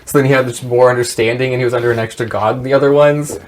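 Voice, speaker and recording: A man's voice: mid-range voice, steady tone, rapid-fire, slight background noise. Rambling sweary podcast guy. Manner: rambling, sweary, laughing retellings. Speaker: podcast co-host. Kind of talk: casual chat. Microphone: podcast mic.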